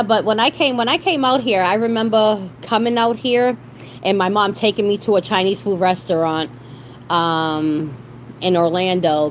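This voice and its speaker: A woman's voice: fairly low pitch, a little hiss or hum, low-quality recording. A woman with a Boston accent chatting casually to her livestream viewers, rambling and restarting her sentences as she tells stories. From Boston, Massachusetts. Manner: rambling, animated storytelling with frequent restarts. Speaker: livestream host.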